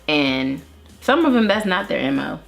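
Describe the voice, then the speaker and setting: Low gravelly-voiced woman sharing her story. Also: sing-song, moderate pace. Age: 30s. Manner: earnest, pours out a story with many restarts. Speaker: interview guest. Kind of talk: candid personal testimony.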